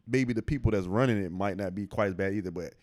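A man's voice: on the low side, quick pace, darkish tone. A man co-hosting a podcast, thinking aloud in casual slangy chat. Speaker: podcast co-host.

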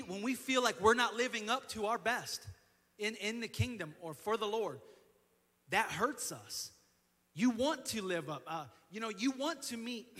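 A man's voice: sits high, pushed and bright, slightly rough. A male assistant pastor preaching a midweek sermon in an earnest way, often repeating and restarting his phrases. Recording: long hall reverb.

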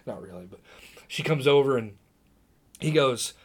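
A man from Indiana telling stories in casual chat, animated, bursting fast and restarting mid-sentence. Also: medium pitch, husky. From Indiana, USA.

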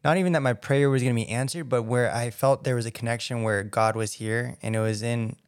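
A man's voice: mid-range voice, fairly even intonation, brisk, clear, resonant tone, no room sound, studio quality. A man co-hosting a podcast, hesitantly recalling a personal memory in casual chat, with many restarts. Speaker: podcast co-host.

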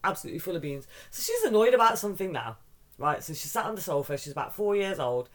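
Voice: mid-range voice, quick pace. A middle-aged podcast host, telling a family story in casual chat, acting out the other people's voices and swearing casually. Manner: animated, mimics voices in stories, swears casually.

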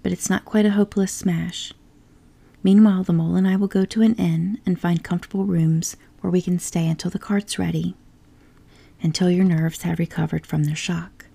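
A stern, practical male water rat speaks firmly in a low whisper, as a woman acts him out. This whispered role-play of a storybook sounds husky, mellow and gravelly. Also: fairly even intonation, moderate pace. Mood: sharp. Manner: firm, stern, exasperated.

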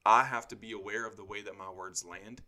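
A man co-hosting a podcast as a pastor, talking bluntly and with energy in casual chat. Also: on the low side. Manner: blunt, animated, quick to joke.

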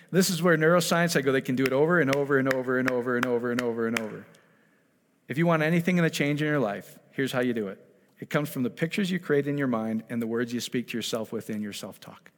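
A man preaching a sermon, emphatic and full of rhetorical questions, moving between loud exhortation and quiet, intimate asides. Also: mid-range voice. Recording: long hall reverb.

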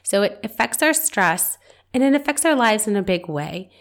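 A woman's voice: medium pitch, lively intonation, normal speed. A woman speaks through a stuffy, nasal head cold as she hosts her own podcast. Her delivery is casual and candid, full of personal asides. She is a physician talking to her listeners one-on-one. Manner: chatty and candid, personal anecdotes. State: congested. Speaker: podcast host. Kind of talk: casual solo podcast talk.

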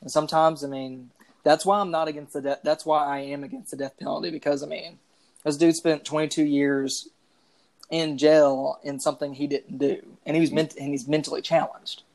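A woman's voice: low voice, steady tone, moderate pace, a little mellow. A woman co-hosting a casual true-crime podcast, rambling with many fillers. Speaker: podcast co-host.

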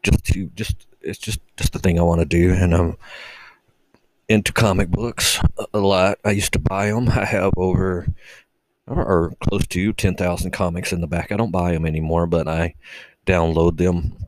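A man's voice: deep voice, steady tone, normal speed, no echo, low-quality recording. A man hosting his own solo podcast, rambling casually and swearing, mocking himself as he goes. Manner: rambling, profane, self-mocking. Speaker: podcast host.

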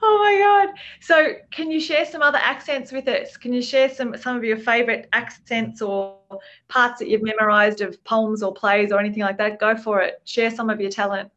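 A woman's voice: fairly high pitch, steady tone, moderate pace, a bit bright, dull audio. A woman hosting a podcast interview, encouraging and enthusiastic. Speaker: podcast host.

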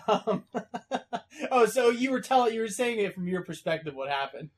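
Expressive young man with a swinging pitch. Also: normal speed. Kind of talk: casual chat.

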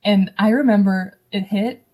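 A young woman, a podcast guest, casually recounting a personal story in an animated way, acting out what others said. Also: medium pitch, a little slow, slightly rough. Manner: animated, acts out quoted dialogue.

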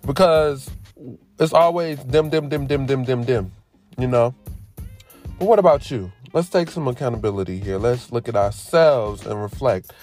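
A man hosting a casual podcast monologue, animated and preachy, firing off rhetorical questions in slangy talk and drifting into tangents. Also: mid-range voice, normal speed, faint music behind. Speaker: podcast host.

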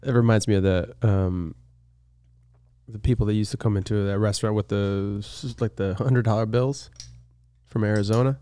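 A man co-hosting a casual podcast chat, telling relaxed anecdotes. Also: on the low side, normal speed, clean tone, no room sound. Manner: relaxed anecdotes with fillers and restarts. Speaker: podcast co-host.

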